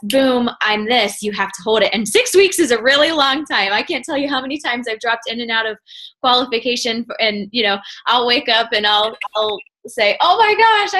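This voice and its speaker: A woman coach leading a video call, chatty and energetic, rambling with fillers. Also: on the high side. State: out of breath. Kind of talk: casual call chat. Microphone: computer mic on a video call.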